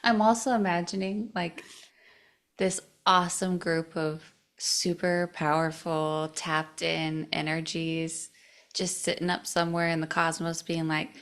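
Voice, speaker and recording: A woman co-hosting a podcast, reacting with amusement in a relaxed, casual chat. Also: deep voice, measured pace.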